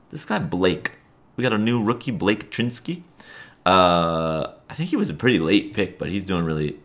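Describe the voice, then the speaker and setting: A man's voice: low-pitched, a bit bright. A man co-hosting a podcast, chatting casually about a recreational league, rambling with fillers and chuckles. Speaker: podcast co-host. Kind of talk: casual sports chat.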